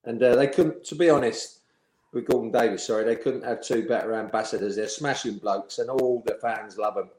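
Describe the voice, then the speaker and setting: A man's voice: medium pitch, a little fast, a little mellow. Male ex-player interviewee, anecdotal and amused, middle voice, echoey room. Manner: chatty storyteller, laughs while telling. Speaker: former professional footballer, interviewee. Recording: roomy echo.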